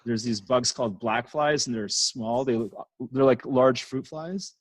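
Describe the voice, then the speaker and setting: A man's voice: mid-range voice, measured pace, poor audio. A man from Canada, a podcast guest, chatting casually and rambling through stories with lots of fillers. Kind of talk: casual chat.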